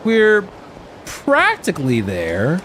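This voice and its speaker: A man's voice: on the high side, huge pitch swings, takes it slowly, a bit bright, slight background noise. A man playing a video game, chatting casually and stumbling over his words as he reads the dialogue aloud. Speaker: let's play gamer. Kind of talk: casual gameplay commentary.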